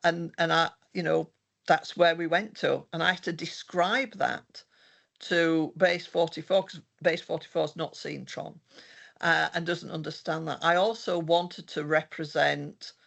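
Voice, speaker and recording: Gravelly older man presenting research. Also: fairly high pitch, steady tone, measured pace, fairly bright tone. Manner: meandering, many restarts. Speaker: researcher presenting their work. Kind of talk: conversational presentation.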